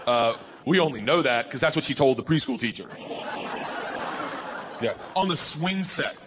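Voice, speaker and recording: Lively, loud stand-up comic man on stage. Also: mid-range voice, moderate pace, noisy background. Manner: loud storytelling, jumping into voices of his kids and friends. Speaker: stand-up comedian. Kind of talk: stand-up comedy set. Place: comedy stage with a live audience. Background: audience laughter.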